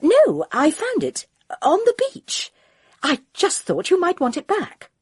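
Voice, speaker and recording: A woman doing an earnest amateur-sleuth woman, pitched up. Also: huge pitch swings, unhurried, no room sound, clean studio sound, exaggerated voice. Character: earnest middle-aged woman playing amateur detective.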